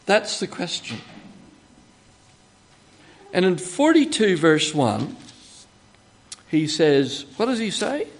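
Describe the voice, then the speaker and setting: An older man with an Australian accent preaches a sermon in a high voice, very animated but slow, pausing often. His teaching is conversational and chatty, with asides and jokes, and he bursts out emphatically whenever he quotes God.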